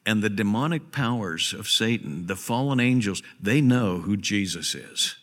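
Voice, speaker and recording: A man's voice: lowish voice, animated, normal speed, fairly bright tone, in a large hall. A man preaching a sermon as a pastor, emphatic and repeating key phrases for stress. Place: church sanctuary.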